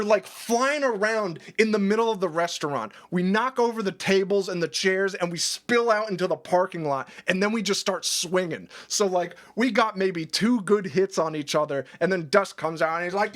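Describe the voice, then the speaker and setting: A man telling a story on a livestream in a casual, animated way, swearing and acting out other people's lines. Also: sits high, normal speed. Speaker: streamer.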